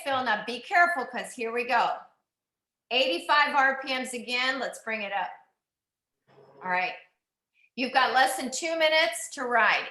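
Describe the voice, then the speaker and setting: A woman's voice: a little high, sharp tone. Upbeat woman cycling coach, echoey room. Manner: upbeat, encouraging, calls out numbers. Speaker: cycling instructor. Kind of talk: coaching an indoor cycling class.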